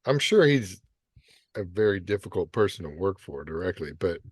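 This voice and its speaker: A man's voice: deep voice, sing-song, moderate pace, husky, dry recording, studio quality. A man co-hosting a casual podcast chat, reacting with laughs and amazed swearing. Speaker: podcast co-host.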